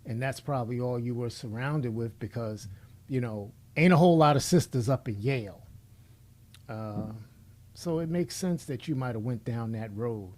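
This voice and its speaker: This time the middle-aged commentator's mid-range voice is a little mellow and moves at normal speed. His monologue is blunt and preachy, aimed squarely at the person he's taking to task.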